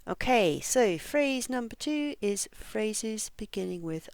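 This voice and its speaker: Slow, careful woman teaching pronunciation. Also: medium pitch, lively intonation, vocal fry, a little mellow, no echo. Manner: slow, careful, over-articulated model readings. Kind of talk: online lesson, explaining and modelling phrases.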